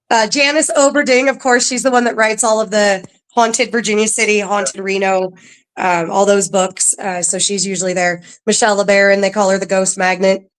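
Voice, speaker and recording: A chatty woman talking as a guest on a casual podcast, with plenty of ums and easy laughs. She speaks at an ordinary middle pitch for a woman, in a relaxed and conversational way. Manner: chatty, laughs often, filler-heavy. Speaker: paranormal museum staff guest.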